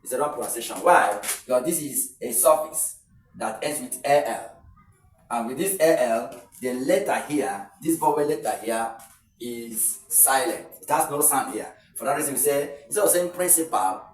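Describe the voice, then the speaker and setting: A man's voice: medium pitch, moderate pace, recorded from a distance, faint music behind. Nigerian man tutoring in an echoey room. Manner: explaining step by step, repeats points, chuckles. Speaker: exam tutor. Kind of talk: video lesson.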